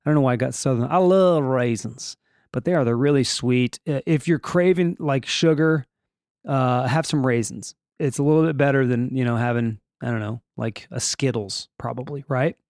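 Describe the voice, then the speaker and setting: A man's voice: medium pitch, normal speed, darkish tone, dry recording, studio quality. A man hosting a casual solo podcast, reading out daily trivia and news with jokey, rambling asides and frequent restarts. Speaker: podcast host.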